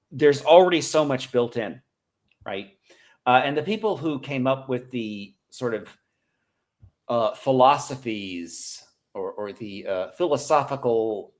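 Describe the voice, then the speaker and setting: A man appearing as a guest on a talk show, explaining his ideas in a hesitant, lecturing way. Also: medium pitch. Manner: hesitant, lecturing, full of fillers. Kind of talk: interview answer.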